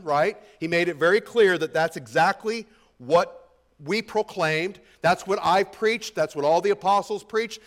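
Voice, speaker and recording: High-voiced man preaching a conversational sermon. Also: a bit bright. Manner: conversational and emphatic, with rhetorical questions. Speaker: pastor. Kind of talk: expository sermon.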